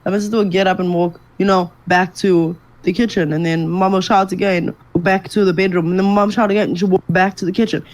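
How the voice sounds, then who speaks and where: A woman co-hosting a comedy podcast, telling stories in an animated way with frequent laughter. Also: lowish voice, quick pace, few pauses, poor audio. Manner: animated storyteller, laughs often. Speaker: podcast co-host. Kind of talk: casual comedic chat.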